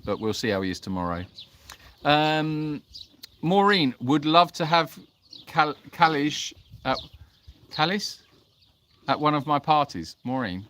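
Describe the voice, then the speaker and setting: A man of medium pitch and slightly bright tone hosts an easygoing livestream from an animal sanctuary, with a little hiss or hum in the audio. Chatting outside among the donkeys, he reads comments and greets viewers by name, friendly and self-deprecating.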